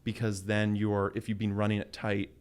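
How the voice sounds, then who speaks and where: A man in his thirties from Canada, casually telling a business story in an interview, animated and quick to laugh. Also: fairly low pitch, clean tone. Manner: animated storyteller, acts out quoted voices with laughs. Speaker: guest entrepreneur.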